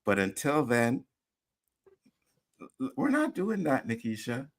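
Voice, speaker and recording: A man's voice: medium pitch, huge pitch swings, unhurried. A man co-hosting a livestream show, ranting casually and swearing constantly in heated outbursts. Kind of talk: casual profane rant.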